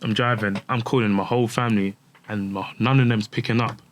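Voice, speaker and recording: A man's voice: on the low side, steady tone, brisk. A man, candidly telling a personal story as a podcast guest and acting out the voices of the people in it. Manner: candid, acts out quoted dialogue, many restarts. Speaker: guest footballer.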